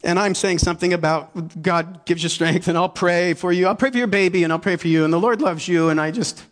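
A man preaching a sermon, telling a story with lively acted-out inner dialogue and frequent laughter, then leading a prayer. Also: high-pitched, fairly quick. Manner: animated, acts out inner dialogue, laughs often. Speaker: pastor.

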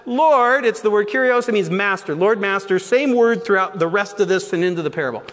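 A male pastor preaching a sermon, reading scripture aloud with animated voiced lines and asides. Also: high-pitched, moderate pace, long reverb tail.

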